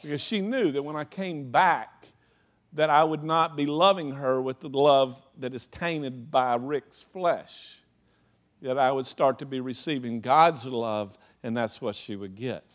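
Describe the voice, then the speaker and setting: A pastor with a mid-range voice preaches a little slowly, keeping his sermon conversational. He shares personal stories, acting them out, says "you know" a lot, and throws in laughing asides.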